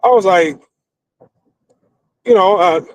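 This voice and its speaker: A middle-aged American man hosting a stream, telling stories in a blunt, profane, animated way. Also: high voice, takes it slowly, poor audio. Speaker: streamer host. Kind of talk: casual storytelling rant.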